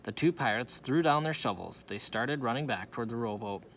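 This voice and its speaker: A man reads a children's storybook aloud in an animated way, with a lively, swinging pitch. He stumbles now and then and corrects himself. Faint noise sits behind him. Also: a little fast. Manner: animated, with small slips and self-corrections. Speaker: reader.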